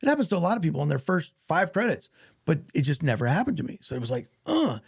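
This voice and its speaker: Gravelly, animated male actor telling stories. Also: fairly high pitch, rapid-fire, no room sound, clean studio sound. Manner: animated, acts out quoted voices. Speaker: actor guest. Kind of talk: casual storytelling interview.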